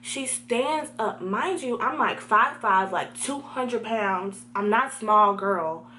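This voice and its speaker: A young woman telling a story to her viewers in a lively, direct way, with a mid-range voice. A faint hiss sits under her talk. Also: mid-range voice, takes it slowly. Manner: animated, talks to viewers directly. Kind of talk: storytime vlog.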